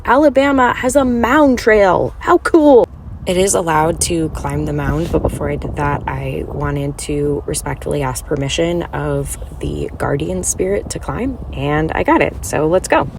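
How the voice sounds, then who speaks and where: An upbeat woman talks through her road trip in casual vlog narration. Her voice sits a little low, and she sounds lively and chatty. A faint background hum runs under her voice. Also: vocal fry. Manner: chatty and enthusiastic. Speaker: travel vlogger.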